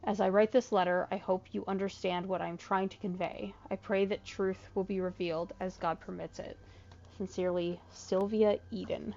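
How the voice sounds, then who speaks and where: A sleepy woman playing a video game who talks through her thoughts and reads in-game letters aloud in a measured way. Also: medium pitch, fairly even intonation, creaky, darkish tone, lo-fi sound. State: sleepy, yawning. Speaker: let's play gamer. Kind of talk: casual gameplay commentary, reading in-game letters aloud.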